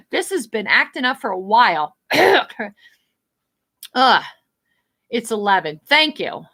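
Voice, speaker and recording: A woman's voice: on the high side, huge pitch swings, takes it slowly, fairly bright tone. A woman from New Jersey with a Jersey accent, hosting a casual live stream where she answers viewer comments in a blunt, rambling way and swears freely. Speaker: livestream host.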